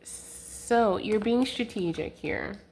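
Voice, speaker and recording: Young woman doing a tarot reading into her camera, chatty, giggly, lots of "like", mid-pitched voice. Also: slow pace, gravelly, darkish tone. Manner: chatty and giggly, full of "like" fillers. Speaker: tarot reader. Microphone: handheld camera mic.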